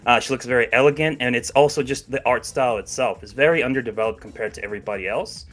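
A man's voice: mid-range voice, fast, a bit bright. A man co-hosting a casual chat show about video games, chatty and hedging, laughing easily. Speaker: podcast co-host.

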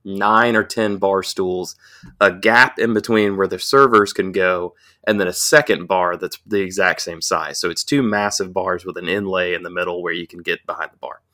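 This young man's voice is deep and his speed normal. Co-hosting a podcast, he tells a raucous, expletive-heavy tale in an easygoing, lively manner.

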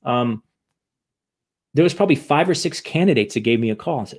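A man's voice: mid-range voice, quick pace, creaky, pauses often, slightly rough. A man casually telling a long story, acting out what others said, with many "right?" tags. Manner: animated, acts out quoted voices; fillers and tag questions.

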